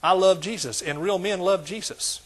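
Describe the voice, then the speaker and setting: A man preaching a sermon to a congregation, asking them questions and building to loud exclamations. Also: high-pitched, moderate pace, breathy edge. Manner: preaching with call-and-response, rising to shouts. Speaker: pastor.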